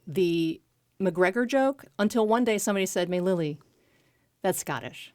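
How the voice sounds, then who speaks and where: A woman's voice: medium pitch, animated, moderate pace, darkish tone, dry recording. A woman hosting a podcast interview, playful and upbeat, telling jokes between questions. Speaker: podcast host. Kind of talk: casual interview chat.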